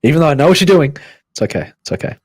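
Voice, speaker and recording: A man hosting a livestream, musing in a halting way and reading chat comments aloud. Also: on the high side, big pitch swings, a little mellow, husky, no echo. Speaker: livestream host.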